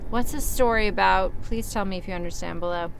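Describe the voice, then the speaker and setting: A woman's voice: medium pitch, a little fast, gravelly, background noise. A young woman reading a story aloud and mocking it with sarcastic, swearing asides. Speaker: story reader.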